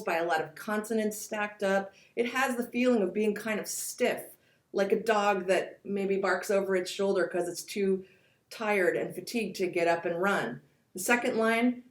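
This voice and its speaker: A woman's voice: mid-range voice, normal speed, roomy sound. A woman teaching poetry, introducing her course and reading lines of verse aloud to show their sound. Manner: explains with spoken examples and reads poem lines aloud.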